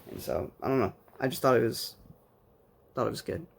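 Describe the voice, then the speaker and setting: A man's voice: medium pitch, brisk, gravelly, slight background noise. A man giving a casual spoken book review, rambling like an enthusiastic fan with plenty of fillers.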